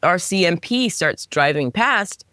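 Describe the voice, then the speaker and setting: Animated storyteller woman, low voice. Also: measured pace, no echo, clean studio sound. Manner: animated storytelling, pitch jumps on emphasis; frequent restarts and self-corrections. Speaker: podcast guest. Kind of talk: recounting a personal story in an interview.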